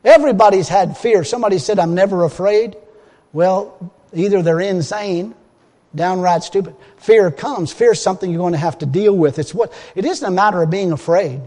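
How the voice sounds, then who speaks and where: A man's voice: high voice, normal speed, darkish tone, big-room sound. A man preaching a sermon in an emphatic, folksy way, often restarting his phrases.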